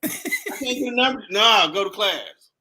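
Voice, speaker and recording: Man, high bright voice, animated laughing storyteller. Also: normal speed. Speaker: host. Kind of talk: casual storytelling chat.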